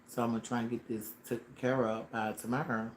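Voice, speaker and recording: A man telling a personal story on a casual livestream, dramatic and animated, with slang and sound effects. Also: mid-range voice, fairly quick. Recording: roomy echo with faint ambience.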